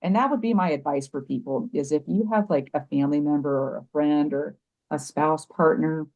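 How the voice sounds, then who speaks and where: Low mellow-voiced woman telling a personal story. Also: lo-fi sound. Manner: halting, frequent restarts and "like". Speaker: nurse and mindset coach, podcast guest. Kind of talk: candid conversational storytelling.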